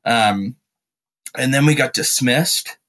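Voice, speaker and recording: A man's voice: mid-range voice, slow pace. A young adult man, a podcast guest, telling a story in casual chat and slipping into impressions. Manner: animated storyteller, slips into voices. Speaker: podcast guest, musician and actor.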